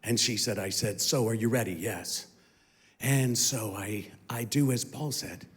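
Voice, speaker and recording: A man's voice: fairly low pitch, a little slow. A middle-aged man giving a heartfelt testimony that swells into impassioned emphasis. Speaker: guest speaker giving testimony. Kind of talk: emotional testimony.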